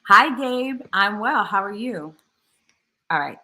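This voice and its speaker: A woman vocal coach answering viewer comments in a casual livestream Q&A, chatty and animated, with slangy asides and playful jumps up into a much higher voice. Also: takes it slowly.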